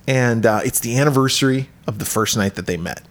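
A man's voice: mid-range voice, brisk. A man co-hosting a podcast, casually retelling a horror film with lots of swearing and acted-out character lines. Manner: profane, animated, acts out the characters' lines. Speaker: podcast co-host. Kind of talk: casual chat recapping a movie.

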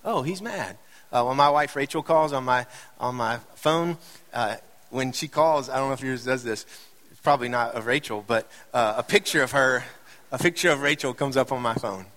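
A man's voice: mid-range voice, moderate pace, a bit bright. A middle-aged man preaching a sermon as a pastor, conversational with light joking asides, building to impassioned emphasis. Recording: reverberant hall.

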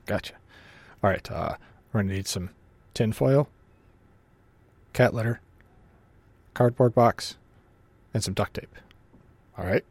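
A man co-hosting a podcast, improvising in a low, deadpan delivery. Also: takes it slowly, pauses often, husky, no room sound. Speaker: podcast co-host. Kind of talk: casual improv play.

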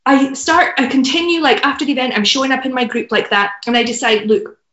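A woman's voice: sits high, fast talker, a bit bright. A woman guest sharing a heartfelt personal story, earnest, with lots of fillers. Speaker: podcast guest, business mentor. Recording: roomy, dull lo-fi sound.

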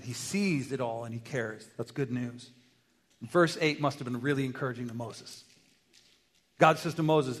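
A man preaching a sermon as pastor, animated, acting out dialogue and asking his listeners rhetorical questions. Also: on the high side, fairly quick. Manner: animated, acts out dialogue with God in varied voices; asks the congregation rhetorical questions. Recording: long hall reverb.

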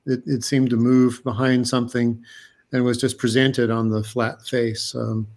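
A man talks as an interview guest, earnest and halting, stopping to restart his sentences. His voice sits in an ordinary middle pitch. He sounds like he is calling in from home. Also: little pitch movement, a little mellow. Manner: earnest storyteller, many restarts and fillers. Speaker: guest, underwater diver and cameraman. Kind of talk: casual interview talk.

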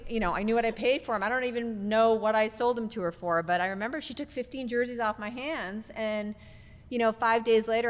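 A woman guest on a podcast, telling her story in a casual, animated way and acting out the lines of other people. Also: fairly high pitch, smooth, big-room sound. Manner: animated, acts out quotes. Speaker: podcast guest, business founder.

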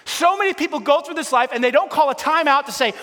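A man's voice: extremely high pitch, fast, fairly bright tone. A pastor preaching a sermon, emphatic and repetitive, calling on his congregation to join in. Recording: long hall reverb.

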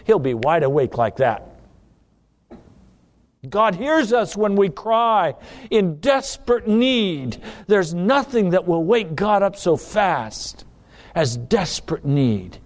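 Male preacher, emphatic sermon delivery, very animated pitch, unhurried. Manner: dramatic, emphatic, with acted-out pleas.

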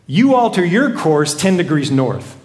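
A man voicing a calm, unbudging male lighthouse keeper answering a captain in a sermon story. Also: a little high, measured pace. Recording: echoey room.

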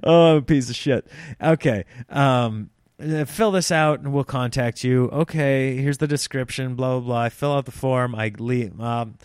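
Animated storytelling man, dry close sound. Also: mid-range voice, normal speed, clear, resonant tone, dry recording. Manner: animated, self-mocking, acts out dialogue. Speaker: comedian telling a story. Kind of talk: casual storytelling.

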